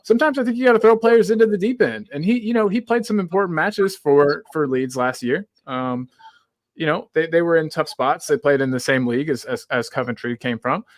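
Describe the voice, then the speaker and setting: A man with a Midwestern American accent hosts a casual football podcast, chatting and reading viewer comments aloud. His voice sits a bit high, with dry sound. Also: a little fast, no room sound. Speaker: podcast host.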